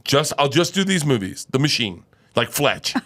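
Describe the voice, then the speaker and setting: An animated man spins stories for a talk show, in a voice of ordinary middle pitch. He laughs through his lines and swears freely as he talks, recorded in a studio. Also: moderate pace. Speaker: guest comedian. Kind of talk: casual storytelling.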